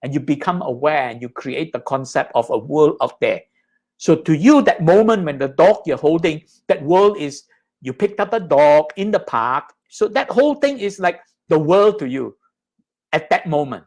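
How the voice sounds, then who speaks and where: A man's voice: fairly high pitch, lively intonation, normal speed, a little mellow. A man giving a Buddhist Dharma lecture over slides, explaining patiently and often checking in with his listeners.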